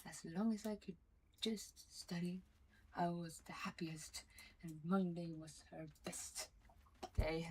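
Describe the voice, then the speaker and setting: A young woman chats loosely to her stream audience at an ordinary middle pitch. She wanders from thought to thought with constant "like"s and self-deprecating asides. She swears freely and sounds relaxed. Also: slight background noise. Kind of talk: casual chat to a live stream chat.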